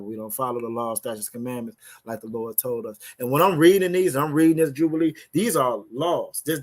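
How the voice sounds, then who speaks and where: A man with a teaching a brotherhood Bible class in a preaching style. His voice sits at an ordinary middle pitch. He reads verses slowly and often repeats words while finding his place.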